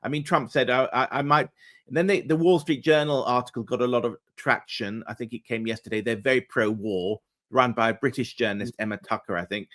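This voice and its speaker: A man giving casual political commentary, animated and sarcastic, his voice jumping up when indignant. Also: medium pitch, fairly quick, hardly any pauses.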